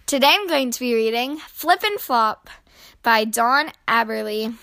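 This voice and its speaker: Slow, bright woman reading a children's story. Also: fairly high pitch, lively intonation, no room sound. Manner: slow, clear and gentle. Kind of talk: storybook read-aloud.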